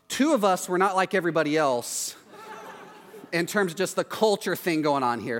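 A man with a high voice tells a funny story and acts out the people in it. He sounds animated throughout. His voice carries a long reverb, like a large hall. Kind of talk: comedic anecdote.

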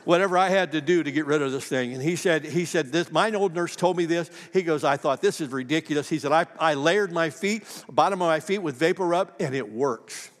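A man's voice: on the high side, brisk, few pauses. A middle-aged male pastor with a lingering cough, preaching in a folksy, self-deprecating way and acting out quoted dialogue in a church sanctuary. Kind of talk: sermon with personal storytelling. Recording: long hall reverb.

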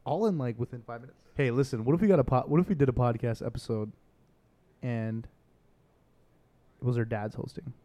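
A man's voice: medium pitch, fast. A man in his twenties co-hosting a podcast, telling a family story in casual chat and acting out his parents. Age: 20s. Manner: animated storyteller, mimics his parents in exaggerated voices. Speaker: podcast co-host.

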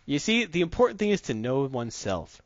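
A man co-hosting a casual comic book chat, opinionated and rambling, who slips into quick voices for the characters he describes. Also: fairly high pitch, very animated, no echo. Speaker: podcast co-host. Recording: dull lo-fi dry sound.

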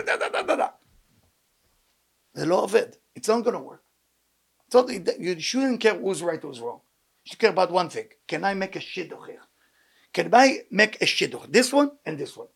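High, gravelly-voiced man preaching. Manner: emphatic, repetitive, humorous asides. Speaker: preacher giving a weekly talk. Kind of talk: sermon. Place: in front of a live audience.

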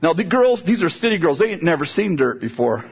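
Husky male preacher telling a story. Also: a little high, very animated, brisk, dull audio. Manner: storytelling, acts out voices, ends in prayer. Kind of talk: sermon with a personal story.

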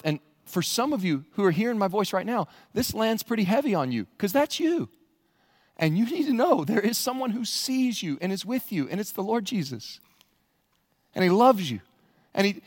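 A male pastor preaching a sermon in a church, animated and rising to near-shouts for emphasis. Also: on the high side, long reverb tail. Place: church sanctuary.

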